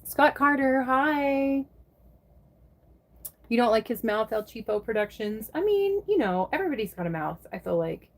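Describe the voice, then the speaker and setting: A woman's voice: on the high side, lively intonation, normal speed. A woman from the United States chatting casually on a livestream, answering viewers by name and swearing freely. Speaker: live streamer chatting with viewers.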